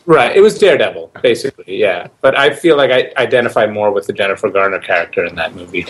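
A man's voice: fairly low pitch, animated, fast, low-quality recording. A man talking casually on a podcast, an actor who rambles with fillers and jokes. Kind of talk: casual joking chat.

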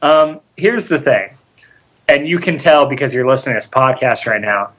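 Bright-voiced man with a lisp. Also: medium pitch, lively intonation, normal speed. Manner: self-mocking, wry. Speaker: actor on a podcast. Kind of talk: casual joking chat.

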